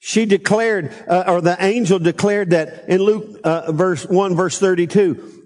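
A man's voice: high-pitched, moderate pace, few pauses, darkish tone. A man preaching a conversational Sunday sermon as pastor, prompting the congregation to repeat phrases back. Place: church sanctuary. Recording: long church reverb.

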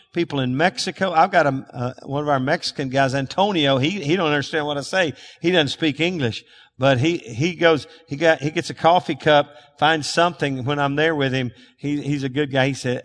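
A man's voice: fairly high pitch, fairly bright tone, long reverb tail. A man preaching a sermon at a church revival, telling folksy stories and repeating himself. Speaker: pastor.

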